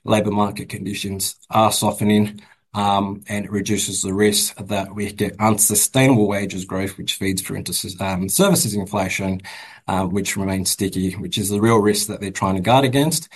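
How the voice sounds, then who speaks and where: Speaking in a deep, husky voice, an Australian bank economist gives casual commentary in an interview, stumbling through fillers and restarts. The recording quality is low.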